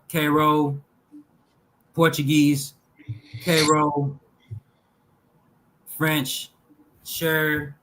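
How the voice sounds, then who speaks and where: A man reads through lists of words at an unhurried, very slow pace, pausing after each item. His delivery is measured and deliberate, like someone working through a text aloud. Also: a little high, a bit bright, low-quality recording. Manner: slow, measured reading with pauses between list items. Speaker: talk show host reading linguistic examples.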